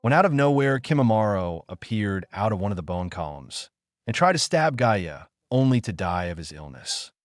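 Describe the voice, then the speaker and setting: A man narrates a first-person fanfiction tale in a flat, even read. His voice sits on the low side, and the recording is dry and close, with no room sound. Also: normal speed, no room sound.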